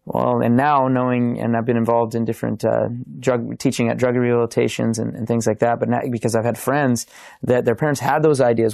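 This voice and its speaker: A man's voice: medium pitch, flat delivery, brisk, creaky, darkish tone, no echo, clean studio sound. A man in his thirties, a podcast guest telling his faith testimony in an earnest, restart-filled storytelling way. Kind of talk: testimony in casual interview.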